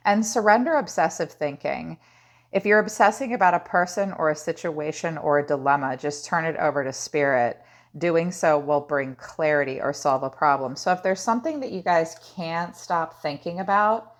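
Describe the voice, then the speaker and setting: A woman giving a casual tarot reading, musing aloud with lots of "I think" and "kinda". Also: deep voice. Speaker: tarot reader.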